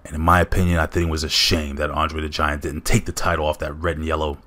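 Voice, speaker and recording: A man's voice: extremely low pitch, little pitch movement, fast talker, sharp tone. A man hosting a casual countdown commentary, talking enthusiastically and straight to his viewers. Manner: enthusiastic, addresses viewers directly. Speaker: host.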